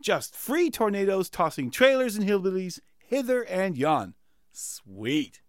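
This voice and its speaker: High, lively sarcastic man. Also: a little slow, dry recording, studio quality. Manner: sarcastic, exasperated, sneering. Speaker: comedy performer. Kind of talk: comic sketch and satirical monologue.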